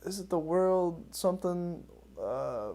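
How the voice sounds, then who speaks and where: A man with a slightly higher voice who rambles through loose podcast chat. He gets animated, laughs a lot and swears without a second thought. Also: slow pace, gravelly. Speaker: podcast host.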